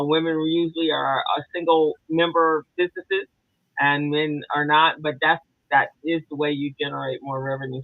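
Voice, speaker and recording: A woman's voice: deep voice, no room sound. Chatty woman on a tinny line. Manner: chatty, rambling with many fillers and restarts. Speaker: co-host. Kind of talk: casual podcast chat. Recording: tinny phone-like dry sound.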